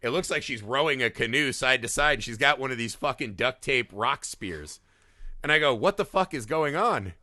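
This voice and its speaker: A man in his thirties co-hosting a film podcast, his voice very bright and forceful. He tells stories with animated energy, swears freely and keeps checking in with "right?". The sound is dry and close. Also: mid-range voice, normal speed, no room sound. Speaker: podcast co-host. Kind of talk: casual film podcast chat.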